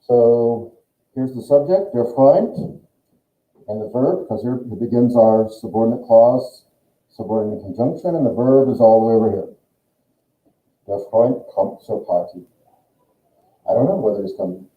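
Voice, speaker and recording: Male teacher, grammar lesson, explains step by step, middle pitch, echoey classroom, tinny lo-fi sound. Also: moderate pace, long pauses. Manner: explains step by step, thinks aloud. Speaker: German teacher. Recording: echoey room on a tinny lo-fi recording.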